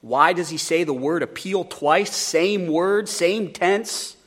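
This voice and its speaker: A pastor preaches to his congregation in a fairly high-pitched male voice. He speaks earnestly, stumbling over and repeating words as he begins his phrases, and lifts his voice when he voices a heartfelt plea. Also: slow. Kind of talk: sermon.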